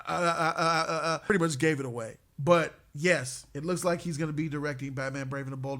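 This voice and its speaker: Male fan-channel host, slightly high-pitched, casual hyped commentary, heavy on "bro" slang. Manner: slangy, excitable, says "bro" constantly. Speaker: host of a superhero movie news channel.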